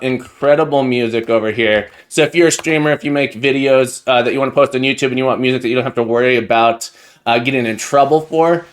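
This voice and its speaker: A man streaming live, greeting his chat one by one in an effusive, grateful way, rambling and restarting as he gets a little emotional. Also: mid-range voice. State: getting emotional. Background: faint background music.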